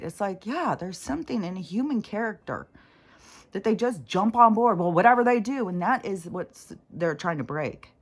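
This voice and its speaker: A woman's voice: medium pitch, lively intonation, normal speed. A woman with a runny nose talking in a casual, rambling vlog monologue, self-reflective and full of fillers. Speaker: spiritual vlogger.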